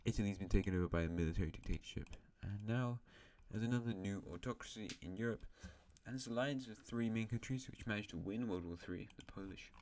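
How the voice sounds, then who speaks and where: A man's voice: lowish voice, fast talker, few pauses, darkish tone. A man hosting an alternate-history map series, narrating in a rambling, chatty way with self-mocking asides. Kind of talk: casual map-game commentary.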